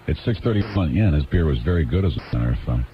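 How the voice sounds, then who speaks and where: A man's voice: a bass voice, lively intonation, quick pace. A man hosting a casual call-in radio talk show, easygoing and wry, laughing often. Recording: dull lo-fi 1990s radio aircheck with faint hiss.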